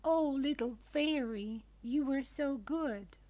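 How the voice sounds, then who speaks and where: A tearful wooden puppet boy from a children's storybook, as a woman reads him out. he is eager and easily upset, and his pleading cries climb up high. he speaks slowly. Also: very animated, full character voice.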